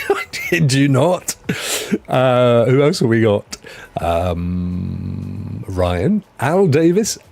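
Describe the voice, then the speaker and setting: A man's voice: mid-range voice, gravelly, darkish tone, husky. A man hosting a gaming news live stream, chatty and jokey, laughing often. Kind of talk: casual live-stream chat.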